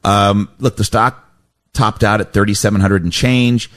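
A man's voice: on the low side, steady tone, moderate pace, a bit bright. A man hosting a radio finance show, chatting casually and correcting himself as he goes. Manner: rambling, self-correcting, chatty. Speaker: radio host, stock advisor. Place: radio studio.

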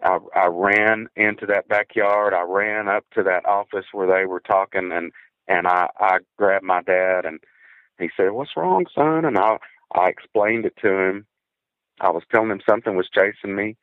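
A guest with a very deep, low voice tells a first-person encounter story through a tinny, thin phone connection, with no echo or room sound and little movement in his pitch. His delivery is earnest and halting, and tension makes him repeat words before continuing.

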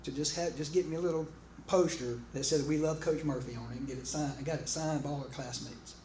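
A man preaching a sermon in an animated, conversational way, often restarting phrases and calling out to his congregation. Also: fairly high pitch, fast talker. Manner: calls out to the congregation. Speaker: pastor. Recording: echoey room with faint background noise.

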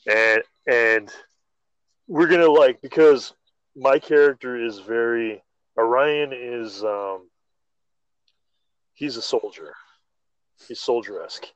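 Excitable man on slightly dull lo-fi audio. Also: medium pitch, takes it slowly, long pauses, dry recording. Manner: excitable, stammering restarts. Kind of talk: casual chat.

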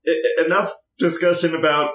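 A man's voice: on the high side, level tone, a little fast, fairly bright tone. Man steering the game, echoey room. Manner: steers the group back on track. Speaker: player. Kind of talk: casual chat.

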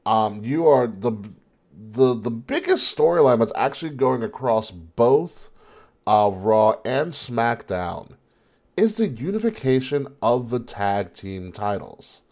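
A man's voice: medium pitch, animated, slow, darkish tone. A man co-hosting a casual wrestling talk podcast, laughing often, swearing freely and stumbling over restarts. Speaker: podcast co-host.

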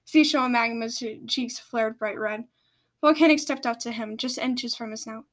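A woman reads a story aloud with a high voice. She stumbles on words and corrects herself as she goes. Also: normal speed. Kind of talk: reading her own story aloud.

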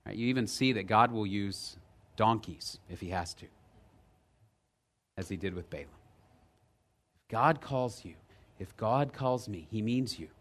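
A man preaching a sermon as pastor, telling a story with lively energy, dropping low and quiet for emphasis and rising loud in the retelling. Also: unhurried, pauses often. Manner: lively storytelling, checks in with "right?".

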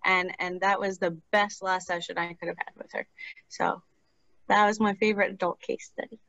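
A woman's voice: fairly low pitch, flat delivery, normal speed, creaky, pushed and bright, no echo, lo-fi sound. A woman in her twenties, a speech-language therapist, telling a client story in an earnest, conversational way during an interview.

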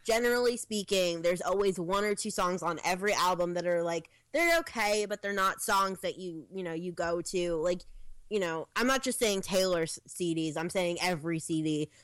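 A woman's voice: fairly low pitch, moderate pace, a bit bright, dry recording. Chatty young woman podcast host. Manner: chatty, many "like" fillers, quotes own thoughts. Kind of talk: casual chat.

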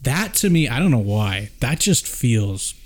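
A man co-hosting a casual podcast chat, jokey and animated and quick to laugh. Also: mid-range voice. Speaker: podcast co-host.

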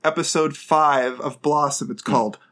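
A man co-hosting a casual podcast, his voice sitting a touch high. He talks in quick, joking asides and swears freely. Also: fairly bright tone. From Canada. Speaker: podcast co-host. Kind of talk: casual chat.

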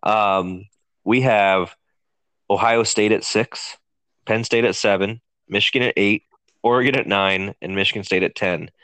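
Low-voiced easygoing man. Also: fairly even intonation, unhurried, pushed and bright, dry recording. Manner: easygoing, conversational, leads the questions. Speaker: podcast co-host. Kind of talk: casual sports chat.

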